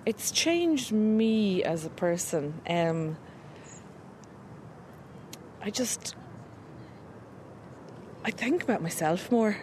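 A woman's voice: medium pitch, animated, very slow, long pauses, a little mellow, a little hiss or hum. An Irish woman speaking openly and reflectively in a documentary interview.

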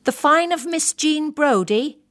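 Woman reading as an old husband, a bit deaf, peevish, slow querulous voice, raised pitch. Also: sing-song. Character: elderly husband, a little hard of hearing, peevish.

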